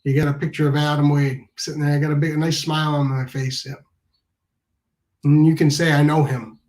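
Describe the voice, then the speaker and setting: A man tells a casual, comic anecdote. His voice sits a little higher than most men's, and he rambles through it with restarts, asides and self-corrections. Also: little pitch movement, fairly quick, darkish tone, low-quality recording. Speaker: storyteller.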